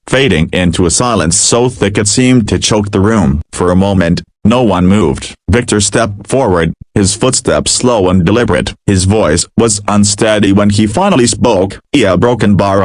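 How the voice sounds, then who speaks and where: A man narrating a scripted emotional story in a measured, dramatic way. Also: lowish voice, no room sound.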